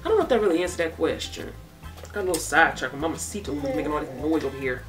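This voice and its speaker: Animated woman vlogger, chatty Q&A. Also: low voice, racing, recorded from a distance, faint music behind. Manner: chatty, laid-back, talks to her baby between answers. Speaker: beauty and hair vlogger. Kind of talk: casual Q&A vlog.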